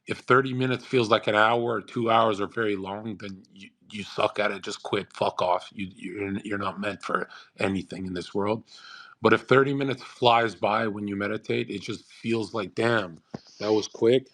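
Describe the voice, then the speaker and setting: A young man holds forth on a live voice call in a lowish voice. He is crude and provocative and lectures his listeners in an unscripted, preachy flow. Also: steady tone, moderate pace, a bit bright. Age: young adult. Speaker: speaker on a live audio call. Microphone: online voice call.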